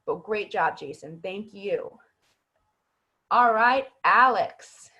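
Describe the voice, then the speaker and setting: A woman's voice: medium pitch, animated, slow, bright, forceful tone, lo-fi sound. A woman acting coach giving patient, encouraging feedback to students in an online class over a video call. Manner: encouraging, patient, explains at length. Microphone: video call microphone.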